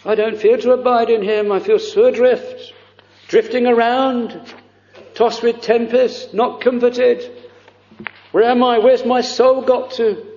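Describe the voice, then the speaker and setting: A man preaching a fervent, pleading sermon, full of drawn-out exclamations and quoted prayers. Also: extremely high pitch, steady tone, darkish tone. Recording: lo-fi recording in a reverberant church.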